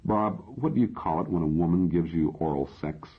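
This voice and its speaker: A man voicing a calm, persistent male AI therapist in an audiobook, asking patient probing questions. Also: low voice, moderate pace, husky. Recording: dull lo-fi audio.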